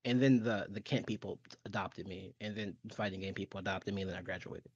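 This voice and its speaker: A young man co-hosting a podcast, telling animated stories in casual chat and swearing freely. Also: sits low, fairly quick, breathy edge, no echo. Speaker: podcast co-host. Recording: dull, lo-fi, dry sound.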